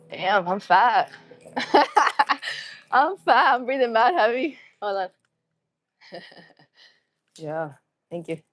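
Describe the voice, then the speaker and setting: This woman talks very slowly and pauses often, her high-leaning voice very animated and a bit bright, with no room sound. She's livestreaming a workout in an empty gym, greeting viewers and chatting casually in hyped slang.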